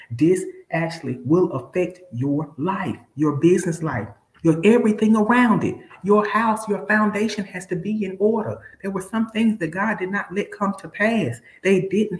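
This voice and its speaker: A woman's voice: lowish voice, a little mellow, echoey room, poor audio. A woman from Alabama hosting a live stream, talking casually and preaching to viewers she calls y'all. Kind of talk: casual motivational talk.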